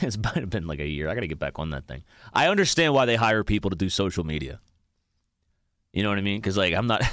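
Animated, profane podcast host ranting. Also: male voice, low-pitched, no room sound, clean studio sound. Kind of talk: casual comedic monologue.

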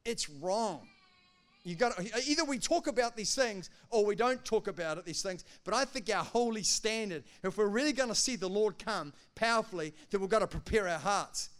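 High-voiced preaching man, smooth tone. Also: normal speed. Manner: animated preaching, acts out quotes, swings from loud to hushed. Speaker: pastor. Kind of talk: sermon.

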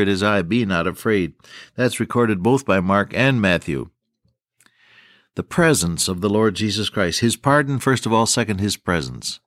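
A man with a fairly low voice delivers an earnest, fervent sermon in an old-style preaching manner. The sound is dry and close, with no room around him. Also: dry recording. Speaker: radio preacher.

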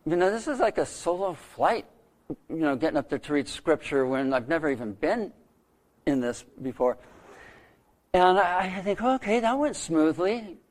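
Middle-aged guy preaching, earnest, slows down for drama, voice sits a bit high. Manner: earnest storytelling with dramatic pauses. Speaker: pastor. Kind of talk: sermon.

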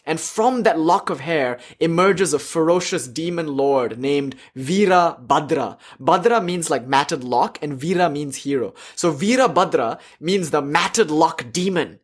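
A man telling old myths in a casual lecture with lively asides and slang. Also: fairly high pitch, measured pace, few pauses, husky. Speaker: teacher of yoga philosophy.

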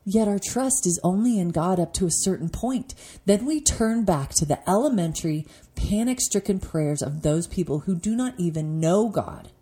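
A woman in her forties speaks earnestly, sharing scripture and her own story with a fairly low, mellow tone. Her voice rises and softens when she is moved. It is a devotional talk from a podcast host. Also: expressive, moderate pace, hardly any pauses. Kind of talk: devotional teaching and personal story.

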